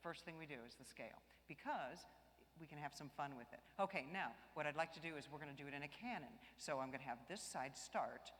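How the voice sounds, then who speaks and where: A deep-voiced woman talks fast while leading a choir's live warm-up workshop, singing demonstrations and tossing in lighthearted jokes to encourage everyone. The setting is a large church with long reverb.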